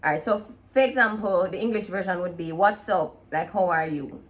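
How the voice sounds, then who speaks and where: A woman with a Jamaican accent hosting a casual video chat, relaxed and laughing often as she slips into patois. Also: lowish voice, brisk. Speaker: vlog host. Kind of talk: casual chat comparing dialects.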